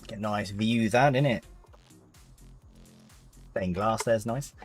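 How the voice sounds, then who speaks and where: A man's voice: fairly low pitch, takes it slowly, faint music behind. A man, live-streaming a farming game and chatting casually with viewers as he plays. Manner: chatty, reads chat aloud, British slang.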